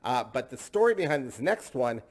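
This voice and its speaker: A man's voice: mid-range voice, very animated, a little fast. A man hosting a casual tasting discussion, enthusiastic and chatty, often repeating himself. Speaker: host.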